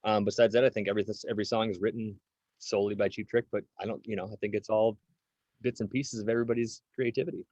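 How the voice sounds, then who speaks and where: A man's voice: on the low side, level tone, fast talker, darkish tone, no room sound, lo-fi sound. A man in his forties, a drummer interviewed as a guest, talking casually with lots of fillers and restarts. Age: 40s. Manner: rambling, many fillers and restarts.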